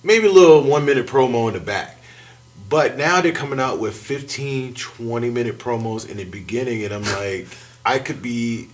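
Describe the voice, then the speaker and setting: A man chatting as a guest on a talk show, animated and laughing often. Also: medium pitch, moderate pace. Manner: animated, laughs often, jumps between thoughts. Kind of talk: casual chat.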